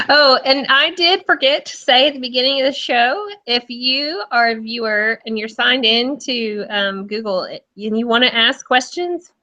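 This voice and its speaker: A woman's voice: fairly high pitch, sharp tone, highs cut off. A woman hosting a casual live interview show, chatty, with lots of fillers and frequent laughter. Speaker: host.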